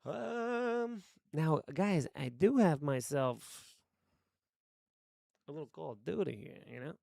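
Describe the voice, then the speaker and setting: A man's voice: a little high, animated, moderate pace, vocal fry, darkish tone, dry recording, studio quality. A man chatting casually on a live stream, rambling to his chat while adjusting his microphone settings. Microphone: desk microphone.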